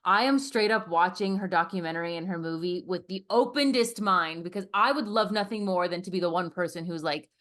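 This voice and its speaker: A woman's voice: on the low side, brisk, few pauses, a bit bright. A young woman co-hosting a podcast, talking in a loose, casual way and saying "like" a lot. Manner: chatty, filler-heavy, often says "like". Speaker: podcast co-host, strength coach. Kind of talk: casual chat.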